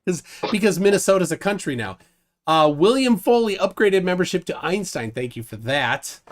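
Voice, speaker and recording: A man's voice: high voice, big pitch swings, normal speed. A man hosting a casual live debate stream, wry and laughing often as he reads out viewer comments. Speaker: livestream debate host.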